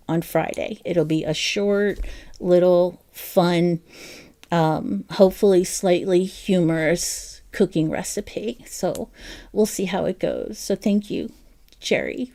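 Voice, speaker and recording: A woman from New Jersey with a South Jersey accent, hosting a relaxed livestream and chatting with her viewers. She talks at an unhurried pace in a warm, mellow voice, laughing easily and poking fun at herself. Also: fairly low pitch, creaky. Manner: chatty and self-deprecating, laughs often, talks to chat viewers by name. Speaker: crochet livestream host. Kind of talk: casual live-stream chat.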